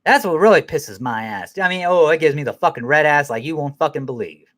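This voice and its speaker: A man's voice: a little high, expressive, fairly quick, a bit bright. A man hosting a podcast who rambles through an angry, profane rant and laughs at himself now and then. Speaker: podcast host.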